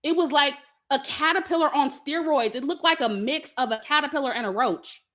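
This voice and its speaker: Speaking high and fairly quickly with a fairly bright tone, a young woman vlogs a story to her audience. The chat is casual and full of swearing, with frequent laughter and acted-out lines from her family.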